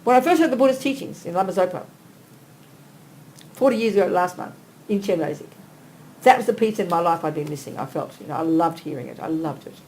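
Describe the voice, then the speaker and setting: An older woman giving a Buddhist teaching in a blunt, emphatic, conversational way, swinging between quiet asides and animated bursts. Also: on the low side, a little fast, pauses often, a little hiss or hum, rough recording. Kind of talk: dharma teaching talk. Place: teaching hall.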